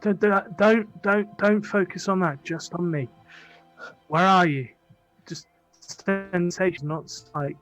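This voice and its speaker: Guy playing a young man calming his old friend down, soft and coaxing, kinda high voice. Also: takes it slowly, faint music behind. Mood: soothing.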